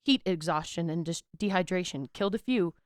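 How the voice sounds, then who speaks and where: A woman's voice: on the low side, fairly quick, no room sound, clean studio sound. Slangy irreverent woman narrating history. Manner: irreverent, slangy, stumbles on words. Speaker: podcast co-host.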